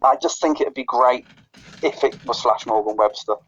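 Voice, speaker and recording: A man's voice: mid-range voice, moderate pace, husky. Stammering man with a dull lo-fi sound. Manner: stutters and restarts phrases. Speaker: podcast co-host. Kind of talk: casual chat. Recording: lo-fi dull recording.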